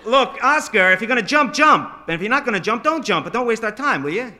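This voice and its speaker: A man voicing an exasperated adult male fireman who yells up at a boy on a roof. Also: very high voice, big pitch swings, fast talker, voice pushed up, full character voice. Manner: yelling, impatient.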